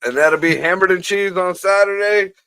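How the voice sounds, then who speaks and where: Bright-voiced, profane male stream host. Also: high voice, moderate pace, smooth, dry recording. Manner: loose, profane, easygoing. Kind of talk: casual live-stream chat.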